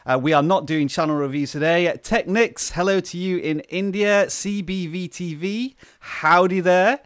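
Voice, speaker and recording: A man's voice: sits high, a little slow, fairly bright tone, clear, resonant tone, no echo. A man from the UK hosting a casual live stream, chatting and greeting viewers by name at a close microphone. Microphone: close desk microphone.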